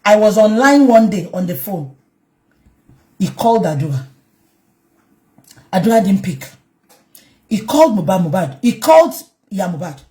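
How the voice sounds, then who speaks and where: A woman with a Nigerian Yoruba accent giving heated commentary as a vlogger, speaking emphatically and breaking into shouts. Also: medium pitch, big pitch swings, moderate pace, pauses often. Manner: emphatic, switches between English and Yoruba, bursts into shouting. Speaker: online commentator.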